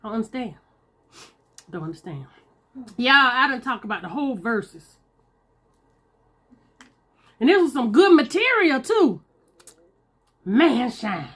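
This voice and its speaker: Casting: woman, mukbang vlogger, lively up-and-down voice, chatty and casual, a bit high. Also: measured pace, long pauses, slightly rough. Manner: chatty, talks to viewers as y'all, Southern US slang. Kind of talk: casual chat while eating.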